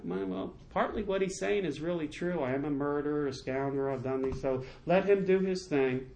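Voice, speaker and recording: A man voicing a humbled, weary king who speaks softly and frankly. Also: on the high side, normal speed, vocal fry, echoey room, slight background noise. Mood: resigned.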